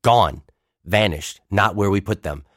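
A young male church volunteer, puzzled and blunt, gives clipped answers, as a male narrator acts him out. The voice sits fairly low and is recorded close and dry. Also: a little slow, a bit bright, no echo.

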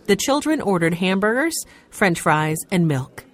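A woman's voice: medium pitch, a little slow. A woman narrating a children's storybook and voicing the characters. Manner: expressive, voices the characters. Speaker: audiobook narrator.

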